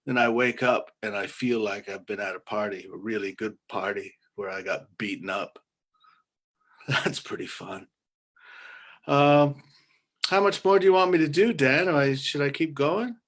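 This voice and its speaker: A man from Canada performing a deadpan, absurd comedy monologue over a video call, halting and full of uhs. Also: mid-range voice. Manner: dry, halting delivery with many uhs. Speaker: comedian guest.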